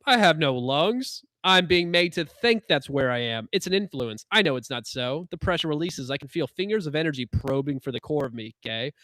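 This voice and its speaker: A man's voice: a little high, lively intonation, fairly quick, hardly any pauses, bright, forceful tone, no echo. A man voicing a nervous astral traveler who tells his ordeal in breathless, defiant first person. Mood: panicked.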